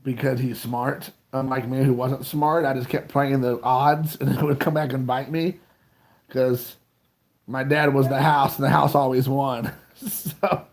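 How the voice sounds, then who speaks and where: A man's voice: mid-range voice, steady tone, measured pace. A man in his thirties, co-hosting a podcast, telling a rambling, self-mocking childhood story in casual chat.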